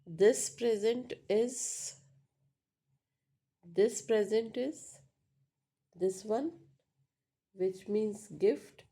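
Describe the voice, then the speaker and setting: In a warm, mid-range voice, a woman English teacher slowly explains pronunciation as if in class. She patiently goes back over points and keeps checking in with "right?" and "uh."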